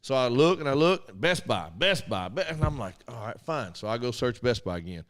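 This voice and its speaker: A man's voice: mid-range voice, big pitch swings, fairly quick. A man co-hosting a casual radio talk show, animatedly telling a story and acting out both sides of phone calls. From Arkansas.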